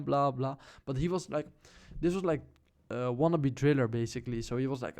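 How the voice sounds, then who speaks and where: A man's voice: mid-range voice, normal speed, a little mellow. Young guy vlogging about some old drama, talks loose and slangy, lots of likes and ums, mid voice. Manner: loose and slangy, many fillers, laughs while telling. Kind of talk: casual storytelling to camera.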